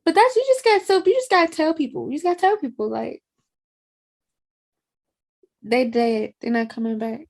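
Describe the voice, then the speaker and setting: High-voiced woman ranting bluntly. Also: moderate pace, long pauses, a little mellow. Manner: blunt, heated, cursing rant. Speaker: podcast co-host. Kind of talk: casual movie recap chat.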